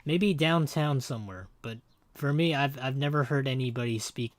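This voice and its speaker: A man's voice: mid-range voice, moderate pace, dry recording. A man streaming a game, chatting casually and jokingly with his viewers in a rambling way. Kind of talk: casual livestream chat.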